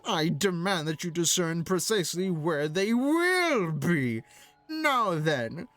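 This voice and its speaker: A streamer voicing a pompous, condescending male archery guildmaster from a video game, reading his lines in a haughty, drawn-out way. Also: medium pitch, very animated, a bit bright, dry recording. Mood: scornful. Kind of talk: reading game dialogue aloud.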